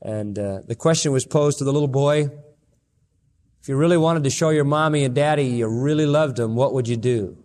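A male pastor preaching a sermon with fervor, his voice climbing high as he reads scripture aloud. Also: fairly quick, darkish tone. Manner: impassioned preaching, pitch swinging high on scripture readings.

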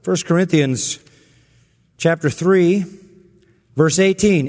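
A man's voice: sits high, unhurried, pauses often, darkish tone, big-room sound. A man preaching an expository sermon, emphatic and sarcastic, building in intensity as he drives his points home. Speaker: pastor.

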